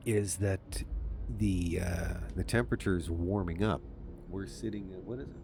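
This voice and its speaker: A Canadian channel host plays a game while giving rambling, self-amused let's-play commentary. His voice sits low and is a little mellow.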